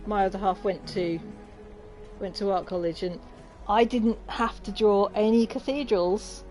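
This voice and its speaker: A woman's voice: mid-range voice, steady tone, a little slow, darkish tone, faint music behind. A woman from Lincolnshire with an English accent, chatting casually and laughing often while streaming a game. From Lincolnshire, England. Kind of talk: casual gaming chat.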